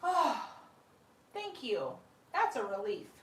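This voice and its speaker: On a relaxed live stream from home, a female channel host and sugar glider owner chats lovingly with her pets and laughs a lot. Her mid-range voice has lively intonation at normal speed, captured by a distant mic in a roomy room.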